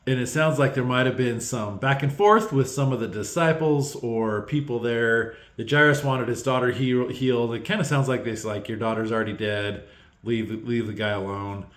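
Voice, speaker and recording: A man giving a heartfelt, unscripted Bible devotional, halting with many pauses and restarts, close to tears. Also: medium pitch, reverberant. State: tearful.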